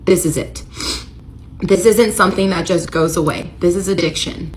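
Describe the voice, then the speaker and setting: Low voiced american woman in her 30s spilling a painful story, kinda emotional. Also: moderate pace, slight background noise, rough recording. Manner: emotional, rising to near-shouting when retelling the confrontation. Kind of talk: storytime confessional.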